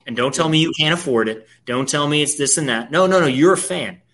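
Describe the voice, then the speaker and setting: A man's voice: on the high side, expressive, a little fast, fairly bright tone. A man, ranting profanely as a podcast co-host in casual sports chat.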